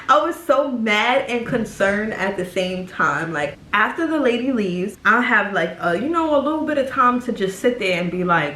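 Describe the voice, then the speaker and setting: A young woman tells a story from her old job in a bright, forceful voice, slipping into the voices of the people she met. The sound is roomy and echoey, and her delivery is profane and lively. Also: mid-range voice, normal speed, hardly any pauses. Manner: animated, profane, acts out voices. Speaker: YouTuber telling a story. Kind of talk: casual story time. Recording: echoey room.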